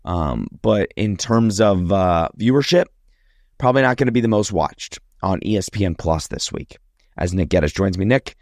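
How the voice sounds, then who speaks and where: A hoarse man hosting a casual sports podcast, talking loosely with many ums and uhs. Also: deep voice, expressive, moderate pace, a little mellow, no room sound, studio quality. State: hoarse from a sore throat. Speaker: podcast host.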